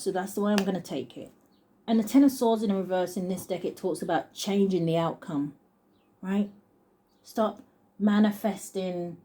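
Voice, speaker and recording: A woman giving a casual tarot reading on her channel, thinking aloud and chuckling as she reads card texts slowly. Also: on the low side, warm tone, slight background noise. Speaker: tarot reader.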